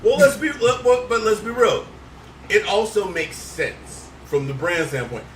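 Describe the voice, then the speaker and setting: A man's voice: high-pitched, animated, measured pace. Rambling man chatting casually. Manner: rambling, often says "let's be real". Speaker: podcast co-host. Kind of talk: casual chat. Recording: roomy, distant mic with faint noise.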